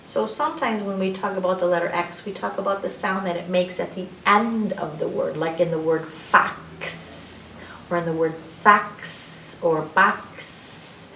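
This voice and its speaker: A woman reading an alphabet picture book aloud to children, with drawn-out letter sounds. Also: fairly low pitch, fairly even intonation, sharp tone, roomy sound, far from the mic, slight background noise, low-quality recording. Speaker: librarian storyteller.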